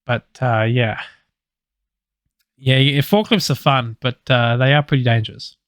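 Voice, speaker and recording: A man's voice: medium pitch, fairly even intonation, unhurried, clean tone, dry recording, studio quality. A man casually telling a podcast story, loose and sweary with lots of fillers. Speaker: podcast co-host.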